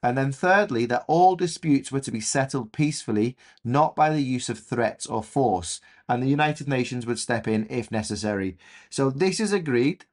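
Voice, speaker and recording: English male teacher, mid pitch, chatty and enthusiastic, lots of fillers. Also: moderate pace, hardly any pauses. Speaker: history teacher. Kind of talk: recorded revision lesson.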